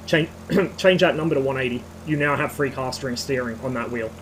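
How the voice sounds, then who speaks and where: A slightly hoarse man streaming, giving a rambling technical rant with casual swearing. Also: mid-range voice, a little fast, a little hiss or hum, poor audio.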